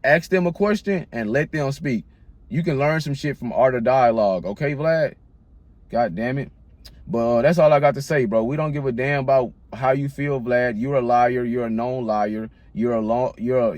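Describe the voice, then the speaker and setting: A man hosting his own channel, venting in a blunt, profanity-laced rant and repeating his points. His voice sits at a middling pitch, and the sound is dry and close with no room echo. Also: moderate pace, a little mellow. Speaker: channel host. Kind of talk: angry rant to camera.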